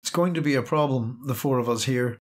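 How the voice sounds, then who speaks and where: A man's voice: mid-range voice, a little fast, close to an everyday voice. A man voicing a weary, blunt woman soldier in a wartime audiobook. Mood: sleepy.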